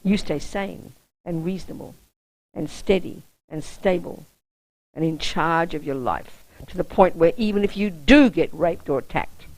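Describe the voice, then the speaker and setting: A woman with a low, darkish voice is heard on a rough recording. A Buddhist nun giving a public dharma talk, she tells a personal story bluntly and often checks that the audience understands.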